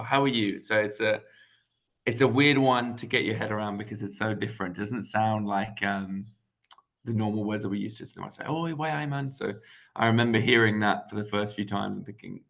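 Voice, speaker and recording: A young man from England speaks as a guest on a video call, relaxed and full of ums and little restarts. His voice sits low with a gravelly, creaky texture. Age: young adult. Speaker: guest economist. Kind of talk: casual video-call interview.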